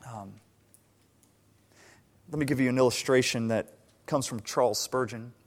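A man's voice: medium pitch, measured pace. A man preaching a sermon, telling stories and acting out the people in them. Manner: animated storytelling, acting out characters' lines. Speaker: pastor.

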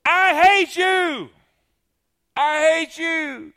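Small naive boy, high bright voice, loud, man playing him in a sermon. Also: huge pitch swings, drawn-out words, dry recording, studio quality, heavily acted. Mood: excited, childlike.

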